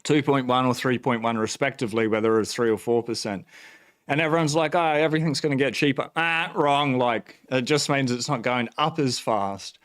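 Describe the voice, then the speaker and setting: Excited, swearing Australian man. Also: medium pitch, moderate pace. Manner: excited, profane, rambling with fillers. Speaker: bitcoin channel host. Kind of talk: casual livestream rant. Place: at home.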